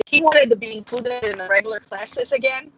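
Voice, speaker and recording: A woman, a middle school art teacher, telling classroom stories in casual chat and acting out the voices of the people she quotes. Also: fairly quick. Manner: animated, acts out quoted dialogue with big pitch jumps. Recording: slightly dull audio with faint noise.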